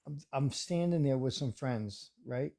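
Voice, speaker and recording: A man's voice: mid-range voice, a little slow, mellow. A man in his forties chatting casually on a live stream, telling a story and acting out the voices he quotes.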